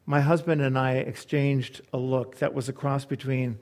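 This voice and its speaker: A man preaching a sermon, telling a story slowly and earnestly, then softening into quiet reflection. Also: medium pitch, flat delivery. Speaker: pastor. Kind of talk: sermon with a read-aloud story.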